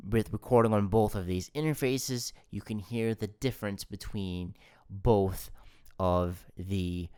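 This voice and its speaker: A man with a fairly low voice walks through his recording gear in a loose, chatty way, as if talking to a friend. His tone is smooth and clean, picked up by a studio microphone in his home studio. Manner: relaxed, explanatory, loose and conversational. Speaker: musician reviewing his audio gear. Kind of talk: casual gear review to camera. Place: home studio with a guitar amp. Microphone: studio microphone through an audio interface.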